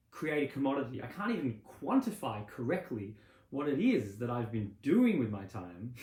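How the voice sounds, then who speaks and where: A man teaching meditation in a loose, rambling, conversational way, acting out little scenes as he goes. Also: medium pitch. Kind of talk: casual spoken teaching. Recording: roomy echo.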